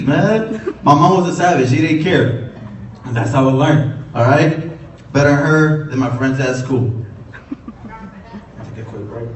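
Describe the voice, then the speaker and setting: A man from Puerto Rico with a Puerto Rican accent, doing an energetic stand-up comedy set on a club stage and working the crowd. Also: on the high side, unhurried, pauses often. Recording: echoey room, distant, crowd noise. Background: laughing crowd.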